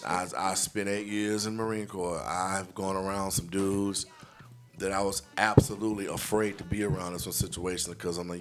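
A man's voice: deep voice, level tone, moderate pace, fairly bright tone, faint music behind. A man co-hosting a casual podcast, talking in long emphatic opinions full of "you know" fillers. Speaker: podcast co-host.

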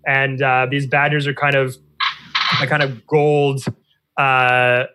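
A man's voice: medium pitch, little pitch movement, takes it slowly, pushed and bright, clean tone. A man as game master, narrating a tabletop game in loose, meandering fashion.

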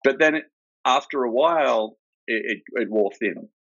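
A man's voice: mid-range voice, normal speed, fairly bright tone, no room sound. An Australian man, middle-aged, a laid-back former soldier telling his story in a casual interview and swearing freely. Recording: dull, lo-fi and dry.

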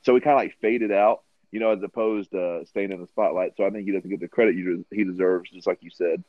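A man's voice: deep voice, fairly even intonation, fast talker, no echo, narrow, tinny audio. A man co-hosting a podcast in casual sports chat. He rambles and fills his talk with "like" and "you know". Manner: rambling, full of fillers. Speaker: podcast co-host.

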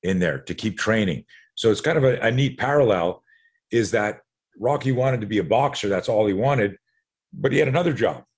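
A man's voice: on the low side, lively intonation, normal speed, husky. A man in his sixties from Canada, a podcast guest who tells stories with energy, acts out other people's lines and often repeats words mid-sentence. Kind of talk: animated storytelling.

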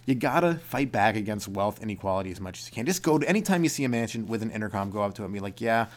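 A man's voice: fairly low pitch, lively intonation, rapid-fire. A young man hosting a solo comedy podcast, rambling from joke to joke and acting out little voices.

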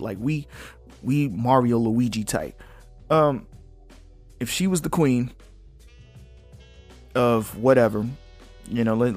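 A young man hosting a podcast alone, talking casually and bluntly, reading news articles aloud and breaking in with his own opinions. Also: mid-range voice. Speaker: podcast host. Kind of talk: casual solo commentary.

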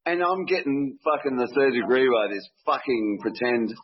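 A man's voice: mid-range voice, expressive, moderate pace, muffled recording. A man telling his side of a story in a casual chat, blunt and swearing a lot.

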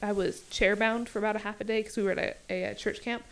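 A woman's voice: medium pitch, steady tone, fast talker, fairly bright tone, smooth. A woman co-hosting a podcast, chatting casually with many fillers and frequent laughter. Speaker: podcast co-host. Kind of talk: casual chat.

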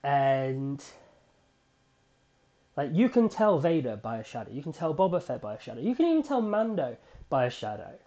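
A man hosting a solo fan podcast, recapping a TV episode in an excitable, animated storytelling way with frequent restarts. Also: medium pitch, normal speed, long pauses, muffled recording. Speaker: podcast host.

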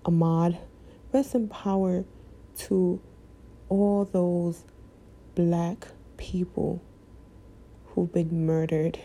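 A woman speaking in an emotional personal vlog, halting and impassioned, close to tears. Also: fairly low pitch, dark tone. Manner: halting, impassioned, breaking off mid-sentence.

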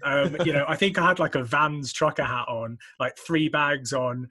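A man in his thirties hosting a podcast, telling a story in animated casual chat with casual swearing. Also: on the high side, moderate pace, no room sound. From England. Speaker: podcast host.

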